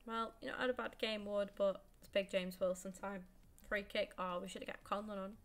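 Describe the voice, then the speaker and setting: A woman in her twenties streams a football game from home, joking and swearing at her own play. Her laugh breaks in often between quick remarks, and faint game music plays behind her. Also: mid-range voice, steady tone. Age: 20s. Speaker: gaming streamer. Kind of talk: casual live gameplay commentary.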